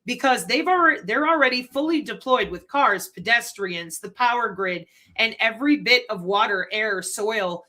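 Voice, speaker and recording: A woman hosts her own channel and lectures in an animated, conspiratorial way, throwing in rhetorical questions. Her voice is bright and sits a little high. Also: moderate pace, few pauses. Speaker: channel host. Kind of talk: commentary.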